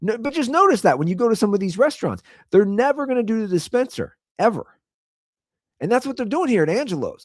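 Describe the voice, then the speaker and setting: A man's voice: very high voice, fairly quick, no room sound. Male podcast host, voice leaping up and down with rhetorical questions, recorded dry and close. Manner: animated ranting with rhetorical questions. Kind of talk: solo ranting talk show.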